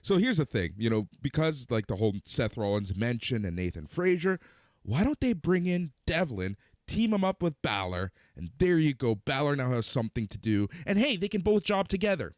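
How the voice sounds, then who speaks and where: A man's voice: medium pitch, big pitch swings, moderate pace, a little mellow, no room sound, clean studio sound. A man co-hosting a podcast, casually chatting about wrestling with teasing, sardonic jokes. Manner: sardonic, teasing, joking jabs. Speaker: podcast co-host. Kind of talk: casual wrestling review chat.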